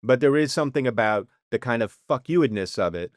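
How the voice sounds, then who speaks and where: A man's voice: medium pitch, expressive, brisk, no room sound, studio quality. A man co-hosting a snack podcast in casual chat, emphatic and wry. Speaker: podcast co-host.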